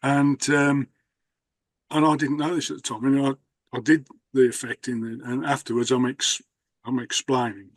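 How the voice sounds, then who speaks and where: A man's voice: mid-range voice, flat delivery, moderate pace, no room sound. A man hosting a conversation, telling rambling stories with many restarts. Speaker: host, magician. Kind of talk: casual conversation.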